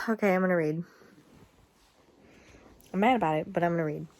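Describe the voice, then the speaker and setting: A woman's voice: lowish voice, moderate pace, a little hiss or hum. A young woman talking casually at home about a book she is reading, chatty and exasperated, breaking into laughs. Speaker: book vlogger. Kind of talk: casual reading-update vlog.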